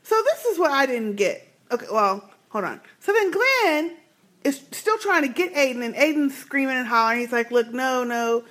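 A woman's voice: high voice, moderate pace. A woman co-hosting a podcast, recapping a TV episode in casual chat and acting out the characters' lines as she tells it. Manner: animated storytelling, acts out quotes. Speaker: podcast co-host.

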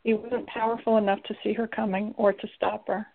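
A woman's voice: mid-range voice, flat delivery, a little fast, creaky. A woman voicing a solemn male companion. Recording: tinny lo-fi recording.

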